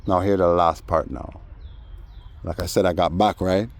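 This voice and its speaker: Deep-voiced man. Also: moderate pace, gravelly. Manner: animated, acts out voices in quoted dialogue. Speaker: vlogger. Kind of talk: casual storytelling monologue.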